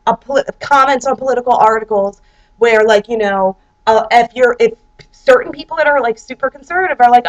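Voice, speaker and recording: A young woman with a high voice rambles casually to her webcam, full of fillers and self-corrections. She slips into mock voices to quote other people. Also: a little fast, low-quality recording. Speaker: vlogger.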